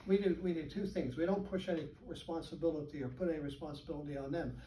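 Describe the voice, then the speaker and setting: An older man speaks casually to a group of colleagues, his voice a bit high and picked up from across an echoey room. He tells stories with animated chuckles, and faint background noise sits under him. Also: fast, far from the mic. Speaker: guest speaker. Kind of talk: informal talk to colleagues.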